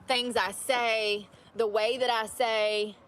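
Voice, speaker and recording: Woman vlogger, car chat, brash and chatty, a bit high-pitched. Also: level tone, takes it slowly, a bit bright, slight background noise. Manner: blunt, chatty, swears freely. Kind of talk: casual chat while driving.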